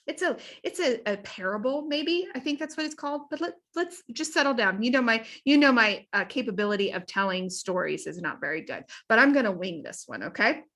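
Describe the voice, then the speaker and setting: A woman health coach speaking with an energetic, folksy delivery. Her voice is high and bright, and her tone is forceful as she encourages listeners. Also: fairly quick, few pauses. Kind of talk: motivational talk.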